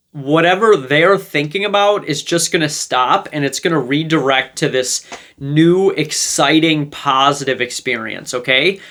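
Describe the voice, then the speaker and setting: A man's voice: on the high side, sharp tone. Man who keeps asking 'okay?' as he teaches. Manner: ends many points with a checking 'okay?'; conversational, with many fillers and restarts. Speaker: relationship advice video host. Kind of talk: casual teaching monologue.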